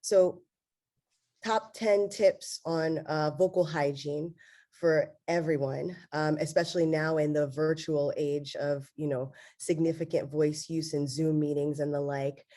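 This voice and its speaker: A woman's voice: low voice, a little slow. A woman laryngologist giving an online medical lecture, with a congested, nasal voice and frequent "um"s. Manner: steady explanatory delivery with frequent fillers.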